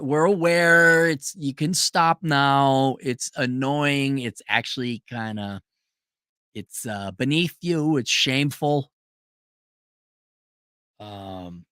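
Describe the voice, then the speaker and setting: Blunt, sharp-voiced ranting man. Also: a little high, no echo, studio quality. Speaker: host answering viewer super chats. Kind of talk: livestream commentary.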